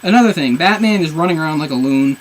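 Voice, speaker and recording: A man's voice: fairly high pitch, lively intonation, quick pace, slight background noise, low-quality recording. A man reviewing a comic book on camera, rambling in an exasperated, sarcastic way. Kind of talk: casual video review.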